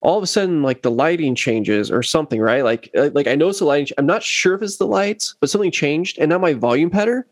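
A man in casual chat, telling a long story about a gig and acting out what others said in lively quoted voices. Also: a little high, fast talker, hardly any pauses, dry recording, studio quality. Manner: animated, acts out quotes of others. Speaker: bass player telling a story.

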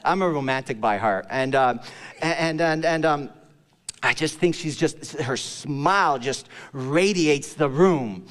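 Male pastor, slightly high voice, playful storytelling sermon, sinks low and soft for the serious points, long church-hall reverb. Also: slow. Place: church service.

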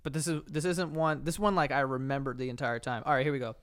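A man co-hosting a podcast, telling a story in casual chat with lots of "like" fillers and an animated delivery. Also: medium pitch, fast, smooth. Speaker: podcast co-host.

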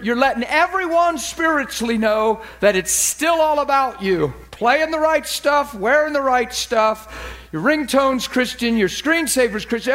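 A man preaching as a pastor, animated and acting out quoted voices in a lively sermon. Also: very high voice.

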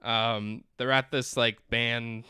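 A man's voice: medium pitch, little pitch movement, takes it slowly, sharp tone, smooth, dry recording, clean studio sound. A young man casually recapping a film as a podcast co-host, rambling with lots of fillers and restarts. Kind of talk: casual chat recapping a movie.

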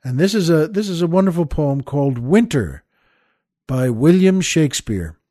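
This is an older man with a fairly high voice, hosting his own comedy podcast. He rambles, chuckles and restarts as he plugs merchandise and tells an old joke. The sound is dry and close, with no room around it. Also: big pitch swings, moderate pace, warm tone, dry recording. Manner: rambling, chuckling storyteller who tells jokes with little voices. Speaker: podcast host. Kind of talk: casual comedic monologue.

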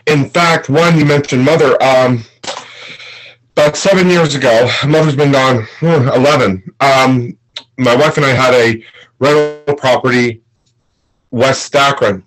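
Halting older man recounting a story. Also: medium pitch, a bit bright, poor audio. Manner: halting, measured, many pauses. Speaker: guest. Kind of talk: casual storytelling.

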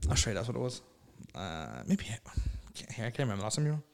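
A man's voice: on the low side, big pitch swings, fast, creaky, a little hiss or hum. A young man with a Northern Irish accent, hosting a casual podcast chat, laughing often and restarting his sentences. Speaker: podcast host.

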